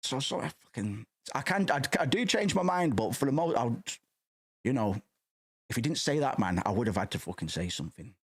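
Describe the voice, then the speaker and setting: A man rambling on a livestream, dropping swear words and "man" into every other sentence. He is loud and passionate, and his pitch jumps around animatedly. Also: lively intonation, brisk, husky. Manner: rambling, profane, says "man" a lot. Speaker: streamer. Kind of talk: casual livestream chat.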